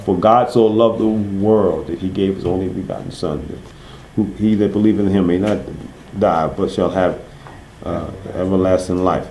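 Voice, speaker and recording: A man teaching a Bible study. He asks his listeners questions and answers them himself, and he reads scripture slowly, stressing each word. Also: low voice, steady tone, dark tone, reverberant, a little hiss or hum, low-quality recording.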